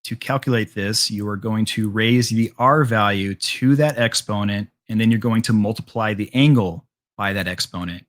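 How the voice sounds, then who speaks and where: A man's voice: on the low side, moderate pace. A man teaching a math class, explaining steps casually with frequent ums and restarts. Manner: casual, filler-heavy explaining with frequent ums and all rights. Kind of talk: classroom lecture.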